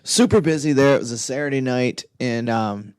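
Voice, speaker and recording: A man's voice: mid-range voice, normal speed, a little mellow, clear, resonant tone, no room sound, clean studio sound. A man co-hosting a podcast in casual chat, laughing often as he tells stories and acts out quoted voices. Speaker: podcast co-host.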